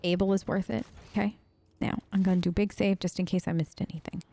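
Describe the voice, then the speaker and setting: A woman's voice: medium pitch, fairly even intonation, fast, gravelly, warm tone. A woman hosting a let's play, chatting casually and reading game text aloud with restarts and asides.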